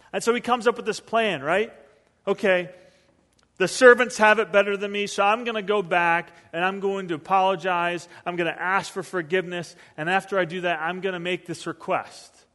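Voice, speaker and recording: High-voiced man preaching in a hall. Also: fairly bright tone. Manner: conversational, acts out quoted voices. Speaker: pastor. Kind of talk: sermon.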